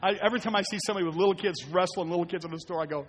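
A man's voice: high-pitched, very fast, hardly any pauses, slightly rough. Older man preaching in a reverberant church. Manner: conversational preaching, rising to fervent exhortation. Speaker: pastor. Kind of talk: sermon. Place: church sanctuary.

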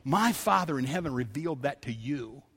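A man's voice: medium pitch, animated, moderate pace, a bit bright, breathy edge. A man preaching a sermon, telling stories in a conversational way and building to emphatic calls to the congregation. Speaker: pastor. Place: church sanctuary. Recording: church hall reverb.

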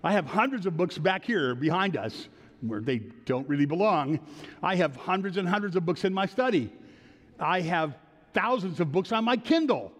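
A man's voice: high-pitched, expressive, normal speed, big-room sound. A man preaching a sermon in an earnest, conversational storytelling way, lifting into emphatic prayer. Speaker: pastor.

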